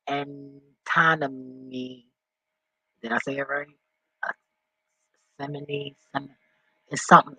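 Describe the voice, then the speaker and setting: A man talking off the cuff in a vlog, rambling and excitable, swearing often as he reads and reacts. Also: medium pitch, no echo, highs cut off. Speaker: vlogger.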